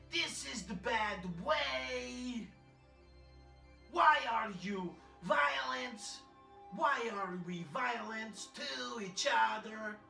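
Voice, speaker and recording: A man playing an eccentric immigrant male poet who speaks broken English and declaims loudly. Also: very high voice, creaky, reverberant, far from the mic, heavily acted. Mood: declaiming. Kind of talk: comedy character monologue.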